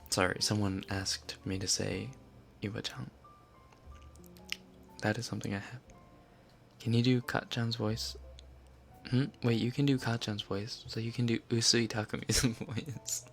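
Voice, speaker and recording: A woman chatting casually on a live stream, answering her chat in a soft, giggly, rambling way with lots of fillers. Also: a bass voice, steady tone, unhurried, gravelly, long pauses, faint music behind.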